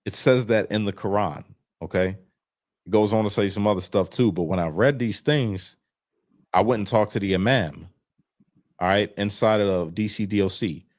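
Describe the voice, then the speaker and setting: Here a man on parole talks at normal speed, his fairly low voice carrying a slight mellowness. As a video-call interview guest, he recounts his story in frank, everyday terms and curses freely.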